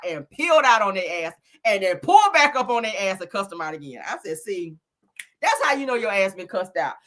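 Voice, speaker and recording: A woman's voice: medium pitch, pushed and bright. A woman hosting a casual gossip commentary show, profane and laughing often, acting out quotes.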